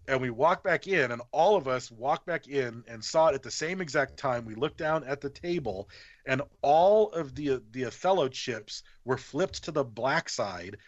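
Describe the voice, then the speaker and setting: Telling a story as a podcast guest, a man with a mid-range voice curses liberally and acts out what other people said, all in an animated, casual way. The recording is dry and slightly muffled.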